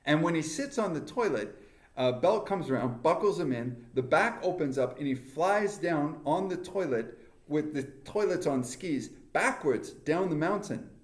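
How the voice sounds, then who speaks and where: A man's voice: a little high, animated, moderate pace. A man with a Canadian accent, co-hosting a casual podcast chat. He tells long, rambling stories. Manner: rambling storyteller. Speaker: podcast co-host. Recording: echoey room.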